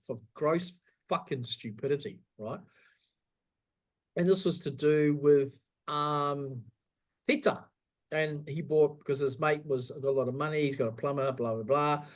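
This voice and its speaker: A man hosting a casual chat, animated and blunt, telling stories and swearing. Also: a little high, moderate pace. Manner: animated storyteller who swears and acts out voices. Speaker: host.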